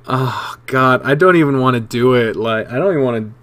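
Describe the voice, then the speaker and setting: A man's voice: mid-range voice, brisk, fairly bright tone. A man hosting a casual viewer Q&A, reading comments aloud in a rambling, self-mocking way and swearing freely. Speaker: channel host answering viewer questions.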